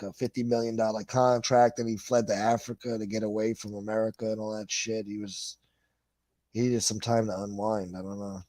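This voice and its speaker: A man's voice: fairly low pitch, darkish tone, dry recording. A middle-aged man, hosting a livestream and reading chat comments in a blunt, profane, rambling way. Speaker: livestream host.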